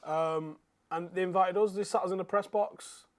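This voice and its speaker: A man with a voice pitched a little above the usual male range, co-hosting a casual sports podcast. His commentary is dry and exasperated, with an easygoing, matey delivery. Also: steady tone, normal speed. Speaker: podcast co-host. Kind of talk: casual chat.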